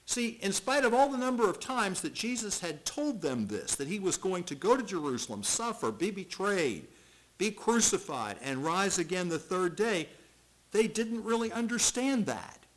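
A middle-aged male pastor preaching an expository sermon, reading scripture aloud and repeating words as he swings from loud to hushed. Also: high voice, big pitch swings, normal speed, rough recording.

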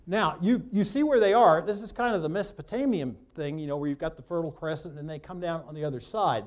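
A man's voice: on the high side, darkish tone. Man teaching a Bible class. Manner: reads scripture aloud, then adds dry asides; talks loosely, with restarts, while pointing at a map.

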